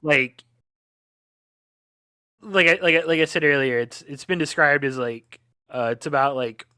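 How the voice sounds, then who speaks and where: Bright-voiced young man musing on a film. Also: on the high side, a little slow, smooth, dry recording, clean studio sound. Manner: hesitant, many fillers and restarts. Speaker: podcast co-host. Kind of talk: casual film discussion.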